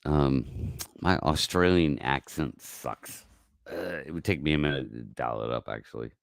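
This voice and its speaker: A man hosting a casual livestream, talking in a rambling, profane way that swings from mumbled asides to loud outbursts, on a close mic. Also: a bass voice, unhurried, creaky, clear, resonant tone, no echo. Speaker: livestream host.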